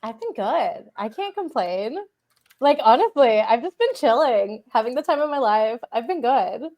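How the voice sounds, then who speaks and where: Woman cohost on a podcast, kinda high voice, laid back chat. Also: expressive, moderate pace, muffled recording. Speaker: podcast host.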